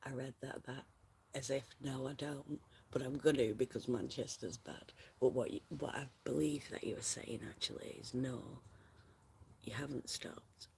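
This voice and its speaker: Host, soft half-whisper, gravelly texture, casual chat with viewers. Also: mid-range voice, fairly even intonation, normal speed, slight background noise. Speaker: livestream host reading chat.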